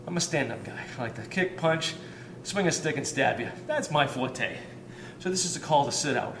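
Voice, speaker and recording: A man demonstrating warm-up drills as a fitness coach, talking with energy and counting reps as he exercises, sometimes out of breath. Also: mid-range voice, expressive, normal speed, gravelly. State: out of breath at times. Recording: roomy, distant mic with ambient noise.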